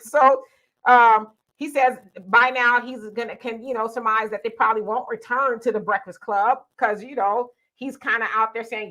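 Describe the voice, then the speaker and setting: A woman hosting a live stream, talking through the news in a casual, conversational way with lots of fillers and quick asides. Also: on the high side, bright, forceful tone. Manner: conversational, many fillers, quotes others in asides. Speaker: host. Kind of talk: casual political commentary.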